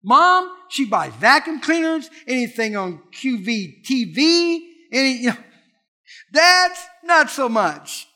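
A high, bright-voiced middle-aged man preaches a sermon. He swings his pitch widely and drives his points home with punchy, emphatic repetition. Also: sing-song, takes it slowly. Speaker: pastor.

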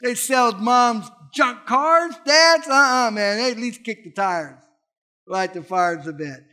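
A middle-aged man preaching a sermon as a pastor, telling animated, punchy stories with emphatic repetition. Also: extremely high pitch, slow pace.

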